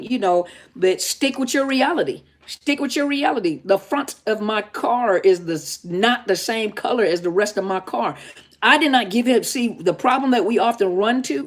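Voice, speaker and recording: A middle-aged woman, a therapist hosting a live Q&A, talking casually and emphatically and repeating her points straight to viewers. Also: medium pitch. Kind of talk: casual live-stream talk.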